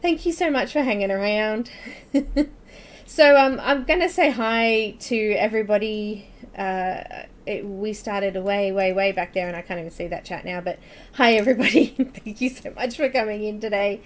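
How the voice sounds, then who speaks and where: Speaking at normal speed in a mid-range voice, a woman runs a live coloring tutorial stream from a home room where an air conditioner hums. She chats casually, laughs often, and greets viewers by name.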